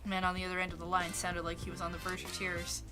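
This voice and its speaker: A woman streamer reading a visual novel aloud, steady narration with asides. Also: lowish voice, fast talker. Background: game music.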